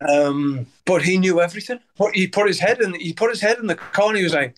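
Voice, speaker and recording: A man, his voice sitting a little higher than most men's. He rambles through his stories in an unpolished way, with plenty of fillers, and swears freely. It sounds like a relaxed, chatty interview. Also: fairly quick. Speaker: interviewee, musician. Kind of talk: casual anecdotal storytelling.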